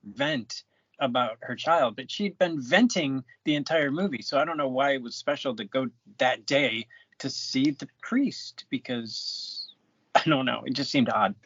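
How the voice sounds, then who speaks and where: Husky, puzzled podcast co-host. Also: medium pitch, unhurried, a bit bright, dry recording. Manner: dry, puzzled commentary. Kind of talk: casual movie recap chat. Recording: dull, lo-fi dry recording.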